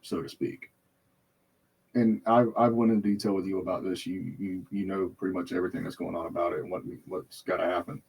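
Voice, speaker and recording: Husky man telling a profane story. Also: low voice, steady tone, fairly quick, darkish tone. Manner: profane, heated, swears constantly. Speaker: podcast host. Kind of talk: casual storytelling.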